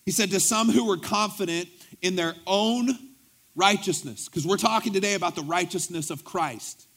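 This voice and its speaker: A male pastor with a fairly high voice delivers a sermon. He tells a story animatedly, acting out the dialogue. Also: normal speed, fairly bright tone, breathy edge.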